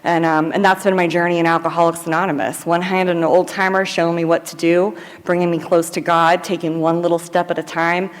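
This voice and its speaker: A woman's voice: lowish voice, flat delivery, a little fast, hardly any pauses. A woman from Sacramento, California telling her recovery story to a live audience, chatty and informal, with lots of "like" and "um". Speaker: AA speaker. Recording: long hall reverb at a live event.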